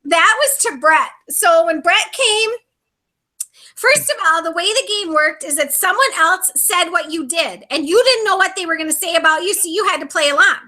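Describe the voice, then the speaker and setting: Very high, bright-voiced woman from Minnesota. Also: moderate pace. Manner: lively storyteller, laughs often. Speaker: reality show contestant guest. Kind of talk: casual interview chat.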